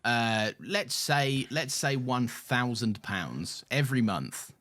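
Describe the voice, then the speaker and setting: A man's voice: mid-range voice, animated, takes it slowly, fairly bright tone. A man co-hosting a podcast in casual, playful chat that rambles. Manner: playful, rambling, laughs often. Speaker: podcast co-host.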